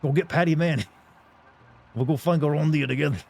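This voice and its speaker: A man voicing an excitable male treasure-hunting professor and reading game dialogue in a loud, theatrical put-on voice. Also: a little high, brisk, vocal fry. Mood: eager.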